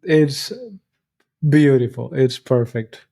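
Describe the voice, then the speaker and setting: A man's voice: medium pitch, fairly even intonation, takes it slowly, vocal fry, warm tone. Earnest, reflective male podcast co-host. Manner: earnest, reflective, many restarts. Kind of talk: movie discussion podcast.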